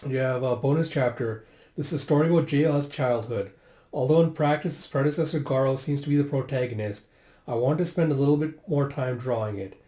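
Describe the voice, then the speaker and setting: A man reading a comic aloud in a relaxed, chatty way, filling gaps with casual asides. His voice sits in an ordinary middle pitch for a man. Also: brisk, roomy sound. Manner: casual, filler-heavy retelling. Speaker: comic readthrough host.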